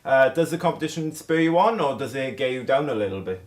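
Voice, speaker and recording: A man's voice: medium pitch, animated, fast. A young man presenting a student TV music show, asking questions in a casual, friendly way. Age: young adult.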